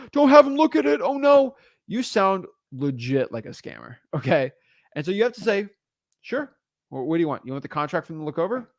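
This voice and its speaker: A young adult man with a voice on the high side teaches real estate wholesaling in a casual monologue, recorded in studio quality with no echo. He is animated and exasperated, slipping into quick acted-out voices of sellers and attorneys.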